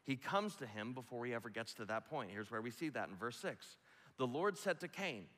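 A man's voice: mid-range voice, lively intonation, brisk, a bit bright, long reverb tail. A man preaching a sermon as pastor, emphatic and conversational, often asking the congregation rhetorical questions.

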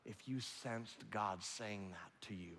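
A man preaching a sermon, with loud rising appeals that drop to hushed, almost whispered lines. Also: on the low side, slow, a little hiss or hum. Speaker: pastor. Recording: long reverb of a large hall.

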